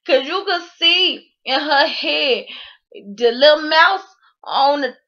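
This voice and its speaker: A woman hosting a recap of a reality show, telling it in an excitable, slangy way and acting out what people said. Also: high voice, takes it slowly, dull audio. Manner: excitable storytelling, slangy, acts out quotes.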